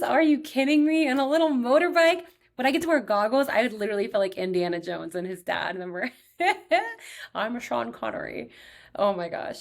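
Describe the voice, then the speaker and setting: A young woman chats on her own show, excitable and quick to gush, with fillers running all through her talk. Her pitch sits in the middle for a woman's voice. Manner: chatty and excitable, many fillers like "like". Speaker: podcast host. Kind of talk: casual solo chat.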